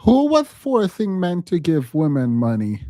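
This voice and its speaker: A man co-hosting a casual podcast chat, telling stories in an animated way. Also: a little high, a little slow, no echo. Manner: animated storytelling with laughs. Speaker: podcast co-host.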